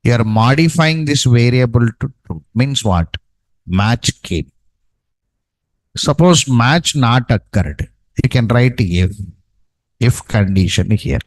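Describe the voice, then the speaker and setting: A man's voice: medium pitch, animated, slow, long pauses, no echo, low-quality recording. A man teaching a programming class, dictating code and checking in with "no?" and "okay, right". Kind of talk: live coding lesson.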